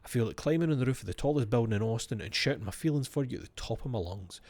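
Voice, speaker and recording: A man's voice: medium pitch, animated, racing, a little mellow. A man streaming a game, reading its letters aloud and breaking off for wry asides to himself.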